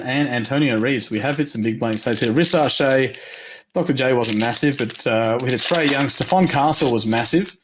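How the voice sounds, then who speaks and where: A man hosting a live trading card break, rattling off names quickly and upbeat, his voice going hoarse. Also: medium pitch, slight background noise. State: losing his voice.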